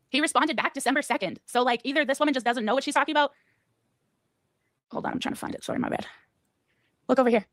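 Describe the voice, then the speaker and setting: An angry, profane woman in a heated rant, speaking in rapid-fire bursts. Her voice is high and quick. The sound is dry and close. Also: fairly bright tone, no echo. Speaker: debate streamer.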